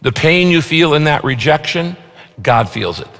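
A man's voice: fairly high pitch, animated, moderate pace, vocal fry, a bit bright. A man preaching a sermon as pastor, earnest and emphatic, repeating key phrases and leading the congregation through verses. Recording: long hall reverb.

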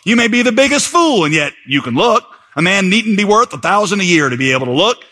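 A man voicing a thin, humble country lay preacher who shouts out his simple message in a drawn-out preaching cadence. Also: on the high side, lively intonation, full character voice. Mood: fervent shouting.

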